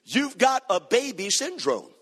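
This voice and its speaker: A man preaching a sermon as pastor, swinging from quiet asides to sung, shouted cadences. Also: very high voice, wildly swooping pitch, unhurried, husky. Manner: preaching with rising shouts and sing-song cadence. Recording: long hall reverb.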